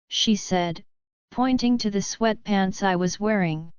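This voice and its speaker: A woman reading a first-person romance story aloud in a slow, steady way. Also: medium pitch, smooth, dry recording. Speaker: narrator. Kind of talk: first-person audiobook narration. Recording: dull lo-fi audio.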